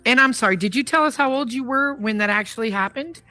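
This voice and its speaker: A woman hosts a talk show in a virtual world, chatty and effusive as she greets her audience. Her voice is bright, and soft guitar music plays faintly behind her through the headset mic. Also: on the high side, fast talker.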